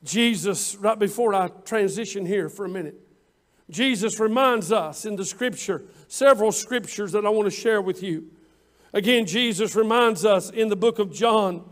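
A man preaching a sermon as pastor, stretching out his words and rising louder on scripture quotes. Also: high-pitched, moderate pace.

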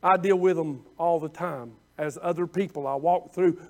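A man preaching a folksy sermon, moving from quiet talk to loud, shouted exhortation. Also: fairly high pitch, normal speed, vocal fry. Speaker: pastor.

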